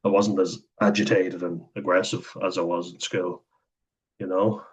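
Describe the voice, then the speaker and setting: Brief: young Irish male vlogger, deep husky voice, blunt and sweary. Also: flat delivery, moderate pace, rough recording. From Ireland. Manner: candid, sweary, chuckles while telling stories. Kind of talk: casual storytelling monologue.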